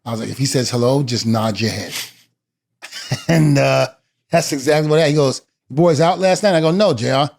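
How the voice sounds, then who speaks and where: At a moderate pace and medium pitch, with vocal fry, frequent pauses and a slightly mellow quality, a middle-aged former wrestler tells a story as a guest. He animates it by acting out everyone's words in shifting voices, laughing in between.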